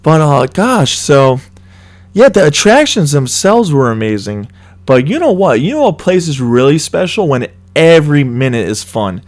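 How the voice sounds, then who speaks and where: A young man co-hosting a casual chat, excitedly retelling a scary trip with lots of swearing. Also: on the high side, normal speed. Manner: excited, swears a lot, animated storytelling. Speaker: co-host.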